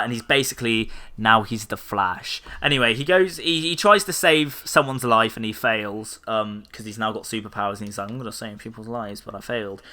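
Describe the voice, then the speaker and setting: Bright, rambling male podcast host. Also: medium pitch, clean tone. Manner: rambling, joking, lots of fillers. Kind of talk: casual chat.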